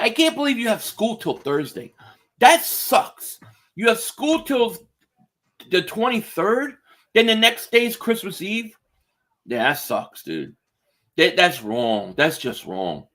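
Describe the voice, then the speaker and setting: A man's voice: sits high, slow, pauses often. A man on a live stream who calls a football game play by play and chats loosely with his viewers, swearing now and then. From Philadelphia area. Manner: loose and excitable, swearing, reading chat aloud. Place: home, indoors.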